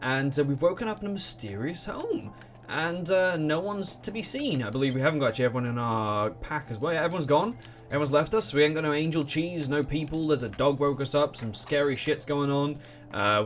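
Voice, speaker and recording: A man's voice: on the high side, brisk. A man giving rambling, casual commentary while playing a game, swearing and laughing. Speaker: let's play host. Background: game music.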